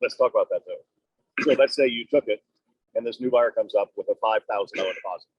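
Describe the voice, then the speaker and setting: A man's voice: fast, slightly rough, dry recording. A man, a real estate broker, coaching his team in a meeting with leading questions. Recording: muffled low-fidelity audio.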